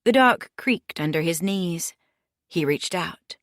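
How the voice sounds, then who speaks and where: A woman reading a mystery audiobook in steady, measured scripted narration. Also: fairly low pitch, dry recording, clean studio sound.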